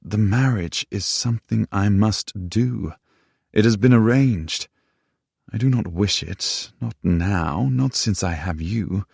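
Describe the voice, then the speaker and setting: A man's voice: fairly low pitch, slow, gravelly, darkish tone, husky, no echo, clean studio sound, heavily acted. A man reading an audiobook, voicing an earnest sixteenth-century knight who speaks in a formal, old-fashioned way. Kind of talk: audiobook character voice.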